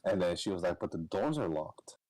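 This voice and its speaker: A young man on a podcast, casually telling a story, swearing and laughing, his voice jumping high when he gets excited. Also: brisk, no room sound, rough recording. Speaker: podcast co-host.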